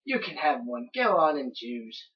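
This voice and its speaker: A woman's voice: extremely low pitch, sing-song, unhurried, far from the mic, heavily acted. A woman doing an old professor, mock Australian accent. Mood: kindly. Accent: put-on Australian. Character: elderly male professor, kindly and patient. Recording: dull lo-fi recording.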